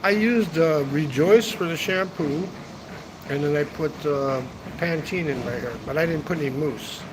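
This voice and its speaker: A man's voice: a little high, normal speed, noisy background. Rambling, foul-mouthed man on a rooftop. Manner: rambling, profane, tags sentences with "man". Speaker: travel vlogger. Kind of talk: casual livestream chat. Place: hotel rooftop seating area, outdoors.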